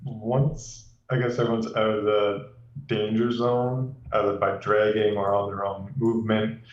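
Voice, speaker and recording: Low, offhand man at a game table. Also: flat delivery, unhurried, reverberant, far from the mic, lo-fi sound. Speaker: player. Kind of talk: casual game talk.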